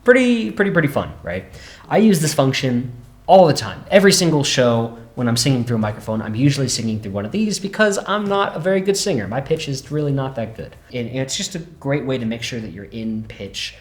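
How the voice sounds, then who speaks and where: A man hosting a relaxed synth demo lesson, often checking in with "right?" as he explains. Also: medium pitch, fairly quick. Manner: relaxed, says "right?" a lot. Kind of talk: casual instructional demo. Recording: roomy echo.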